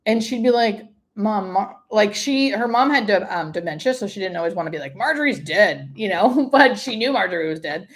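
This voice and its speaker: A hospice nurse hosting a casual livestream, chatting with viewers and telling stories in a rambling, friendly way. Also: female voice, medium pitch, lively intonation, fairly quick, few pauses. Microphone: webcam or phone setup for a livestream.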